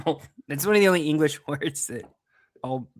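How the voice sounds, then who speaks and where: Man, podcast co-host, chuckling, laid-back, slightly high voice. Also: normal speed. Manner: chuckling, easygoing anecdotes. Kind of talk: casual chat, storytelling.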